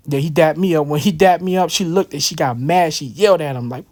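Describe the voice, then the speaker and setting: A man's voice: fairly high pitch, quick pace, few pauses. A man giving casual scripture commentary, telling a personal story in a loose, slangy way with many fillers and asides. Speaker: religious teacher.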